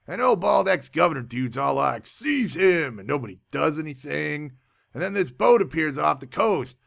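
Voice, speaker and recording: A man giving a sarcastic comic recap of a movie, with deadpan asides. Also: on the high side, normal speed, gravelly. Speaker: movie reviewer.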